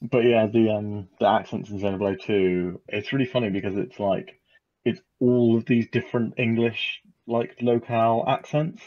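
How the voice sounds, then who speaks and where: A man's voice: fairly low pitch, moderate pace. A man co-hosting a casual gaming podcast, talking animatedly with many fillers. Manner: animated, talks with a lot of fillers. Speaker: podcast co-host. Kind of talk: casual chat. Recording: dull lo-fi mic.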